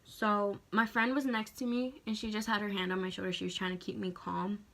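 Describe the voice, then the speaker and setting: A woman's voice: mid-range voice, brisk. A young woman in her late teens telling a personal story in a chatty, emotional way, full of "like.". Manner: chatty, heavy use of "like"; emotional, animated retelling. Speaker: vlogger. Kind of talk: casual story time.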